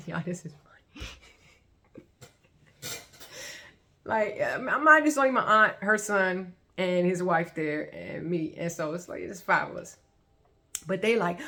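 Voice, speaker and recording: A woman's voice: lowish voice, takes it slowly, pauses often, pushed and bright. A woman casually telling her own story to viewers in a chatty, colloquial way, often breaking into laughter. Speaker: vlogger sharing her testimony.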